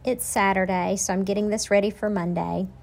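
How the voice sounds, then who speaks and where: A woman's voice: mid-range voice, fairly even intonation, creaky, a little mellow. A woman hosting a motivational message, reading a poem aloud from a screened-in porch in a casual, earnest way. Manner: unhurried and earnest. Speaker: motivational host. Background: kids and leaf blowers in the distance.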